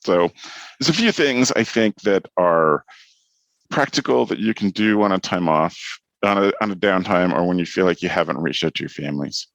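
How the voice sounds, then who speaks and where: A man's voice: low-pitched, animated, normal speed, gravelly, fairly bright tone, no echo. A man in his thirties hosting a podcast, chatting candidly and telling stories with a frank, mildly profane edge. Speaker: podcast host. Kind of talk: casual podcast chat.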